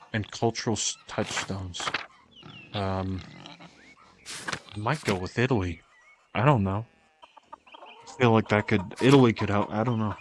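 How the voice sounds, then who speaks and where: A man's voice: on the low side, background noise. A man streaming a video game, rambling and self-mocking in casual commentary, swearing now and then. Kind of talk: casual let's-play commentary.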